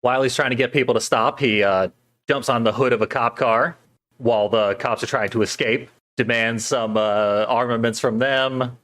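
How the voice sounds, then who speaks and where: A man co-hosting a podcast, giving a relaxed play-by-play recap of a movie and laughing often. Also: mid-range voice, moderate pace. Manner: laid-back play-by-play recapping with frequent laughs. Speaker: podcast co-host recapping a film. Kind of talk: casual chat.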